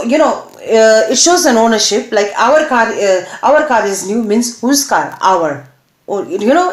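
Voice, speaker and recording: Indian english lady teacher, animated up and down pitch, lots of uh and isn't it, echoey room. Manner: halting, many fillers, asks rhetorical check questions. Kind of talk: classroom grammar lesson.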